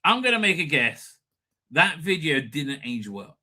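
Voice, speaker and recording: A man's voice: fairly high pitch, very animated, a little slow, sharp tone. A man hosting a live stream, ranting sarcastically and crudely at video clips and swearing freely.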